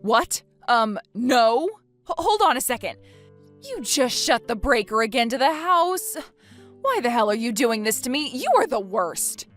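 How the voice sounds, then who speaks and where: For a text-story dramatization, a woman voices a fed-up young wife who works from home, snapping back with exasperated, angry, sharp retorts. Her slightly high voice swings widely in pitch at an unhurried pace, with faint music behind.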